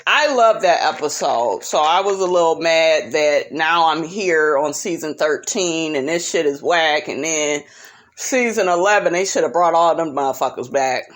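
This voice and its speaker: A young woman recapping reality TV in a sassy, profane, casual vlog style. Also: moderate pace. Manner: sassy, profane, animated with big pitch jumps.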